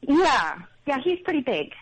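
A woman's voice: high voice, big pitch swings, measured pace, dry recording, poor audio. A middle-aged woman calling in to a show, telling a story casually with many ums and self-doubt. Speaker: caller. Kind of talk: casual phone call story.

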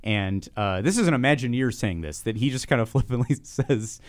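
A man co-hosting a podcast in casual chat, excitable and laughing often, tripping over his words. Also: mid-range voice, brisk, dry recording, clean studio sound. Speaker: podcast co-host.

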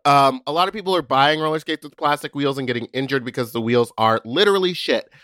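A man co-hosting a podcast, telling stories in an animated, chatty way. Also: medium pitch, quick pace, dry recording, clean studio sound. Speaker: podcast co-host. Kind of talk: casual chat, storytelling.

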